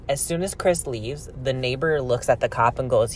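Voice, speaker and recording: A man's voice: medium pitch, normal speed, few pauses, a little hiss or hum. Chatty man telling a true crime story. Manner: chatty, opinionated, animated retelling. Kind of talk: casual storytelling narration.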